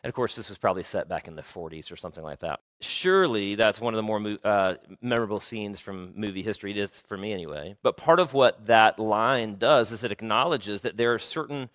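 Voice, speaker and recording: A man's voice: fairly low pitch, a little fast, hardly any pauses, a bit bright, no room sound. A man giving a sermon as pastor, talking casually and reading scripture aloud with emphasis.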